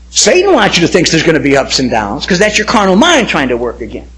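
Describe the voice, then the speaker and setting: Brief: middle-aged male pastor, fairly high voice, swooping and lively as he tells his own testimony. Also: fast, hardly any pauses, a little hiss or hum. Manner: animated, acts out quoted voices. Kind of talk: personal testimony storytelling.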